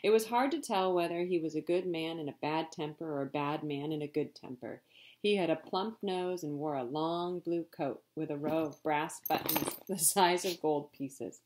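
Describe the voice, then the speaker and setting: A woman reading a children's novel aloud with expression, stopping now and then to explain a word. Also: low-pitched. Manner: expressive read-aloud, pausing to explain words. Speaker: reader.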